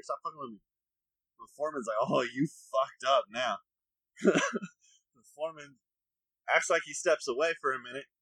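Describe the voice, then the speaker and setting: A man's voice: mid-range voice, sharp tone, husky, no room sound, poor audio. A man telling a crude story from his old pipeline job in a casual chat, laughing along. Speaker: podcast co-host.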